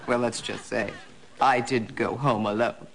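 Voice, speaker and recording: A man's voice: mid-range voice, fairly even intonation, unhurried, gravelly, over a noisy crowd. A man playing a sheepish, bumbling older man in a sitcom, wheedling and bribing to win back a friend's favor. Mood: coaxing. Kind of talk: sitcom acting. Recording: noisy TV audio with studio audience laughter.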